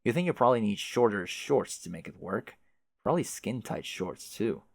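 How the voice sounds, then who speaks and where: A man's voice: on the low side, animated, normal speed, gravelly, no room sound. A man reading a webcomic aloud with casual, wry commentary and the odd swear word. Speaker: webcomic reader.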